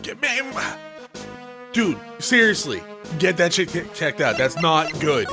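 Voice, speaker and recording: A man's voice: fairly high pitch, very animated, slow pace. A man hosting a let's play, giving casual, joking commentary with some swearing. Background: game music.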